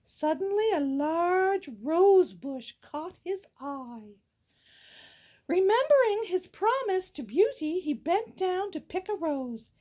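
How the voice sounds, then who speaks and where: High-voiced playful woman storyteller. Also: big pitch swings, takes it slowly, darkish tone. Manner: playful, goofy asides, sound effects. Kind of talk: storytelling read-aloud.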